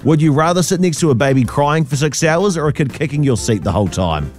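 A man's voice: a little high, lively intonation, quick pace, a little mellow. A man hosts breakfast radio, his voice bouncing up and down as he plays quiz-master. He teases and laughs between questions, with faint music under him. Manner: playful, teasing quiz-master, laughs often. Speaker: radio co-host.

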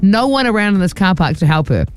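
A woman's voice: mid-range voice, big pitch swings, fast. A woman, co-hosting a radio show and telling a story with acted-out quotes. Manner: chatty storyteller, acts out quotes. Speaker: radio co-host. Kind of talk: casual radio chat.

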